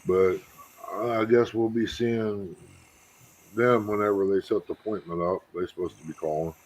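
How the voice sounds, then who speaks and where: A man's voice: lowish voice, steady tone, normal speed, poor audio. An older man in casual chat, laid-back and plainspoken with a wry edge.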